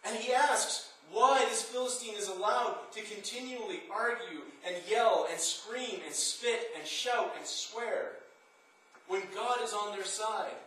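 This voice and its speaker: Impassioned preacher, high voice, echoing room. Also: male voice, measured pace, pushed and bright. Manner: dramatic storytelling, rising to impassioned peaks. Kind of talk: sermon. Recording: echoey room from far off.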